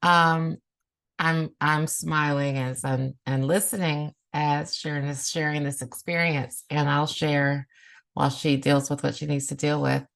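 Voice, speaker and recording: A woman hosting a podcast, speaking in a calm, reflective and affirming way. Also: low-pitched, a little slow, gravelly. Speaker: podcast host. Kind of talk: casual conversational podcast.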